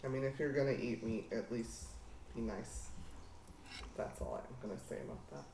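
A woman's voice: very deep voice, moderate pace, creaky, warm tone, distant mic, a little hiss or hum. A woman co-hosting a casual chat, teasing and laughing often. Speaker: co-host. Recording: echoey room, off-mic.

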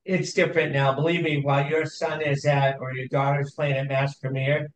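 A middle-aged man hosting a conversational interview, speaking in a thoughtful, measured way with pauses. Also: medium pitch, little pitch movement. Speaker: host. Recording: echoey room.

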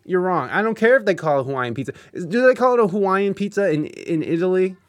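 Lively host, swoops all over, teasing, mock-outraged rants. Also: medium pitch, fast talker, no room sound, clean studio sound. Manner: animated, teasing, emphatic rants. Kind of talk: casual podcast chat.

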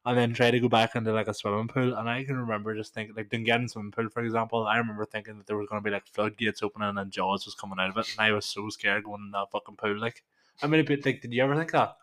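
A man's voice: fairly low pitch, steady tone, very fast, a bit bright. Northern Irish man, sweary banter. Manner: swears freely, banters and tells vivid stories. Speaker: podcast co-host. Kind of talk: casual chat.

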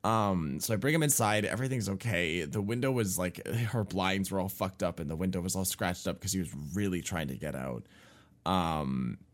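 Telling a story on his podcast, this co-host speaks in a low voice at normal speed, casual and meandering, with lots of fillers and curse words. Recalling the shock, he gets loud and animated.

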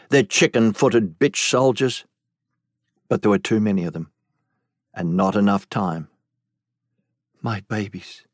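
A man narrating a fantasy novel audiobook in a measured, deliberate storytelling manner. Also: lowish voice, no echo, studio quality. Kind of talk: scripted narration.

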